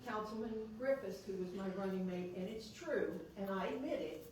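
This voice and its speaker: A woman's voice: mid-range voice, moderate pace, hardly any pauses, darkish tone. Chatty woman speaking in an echoey hall. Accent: a noticeable accent. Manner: chatty, joking, personal. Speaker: local elected official. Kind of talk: speech at a council meeting. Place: council meeting chamber. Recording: echoey chamber, distant mic, background noise.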